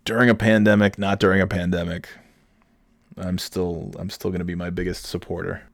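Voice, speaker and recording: Low-voiced man rambling on his podcast. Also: flat delivery, fairly quick, creaky, no room sound. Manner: rambling, self-deprecating, laughing at his own jokes; breaks into loud mock announcer bits. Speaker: podcast host. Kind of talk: casual solo podcast monologue.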